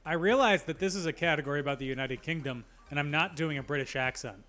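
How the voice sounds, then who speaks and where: A man's voice: fairly high pitch, fast, fairly bright tone, soft background music. A man hosting a live trivia show, reading questions with playful jokey asides. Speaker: trivia quiz host.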